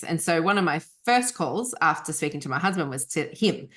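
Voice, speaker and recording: A woman, a podcast guest, telling her story in a measured, slightly hesitant way. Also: low voice, fairly bright tone. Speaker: guest, columnist. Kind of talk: conversational storytelling.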